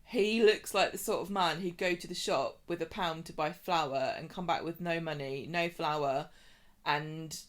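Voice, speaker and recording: A woman's voice: deep voice, steady tone, a little slow. A woman co-hosting a podcast, chatting casually and joking as she recaps a soap opera, acting out the characters' lines in a raised voice. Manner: chatty, jokey, acts out quotes in a raised voice. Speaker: podcast co-host.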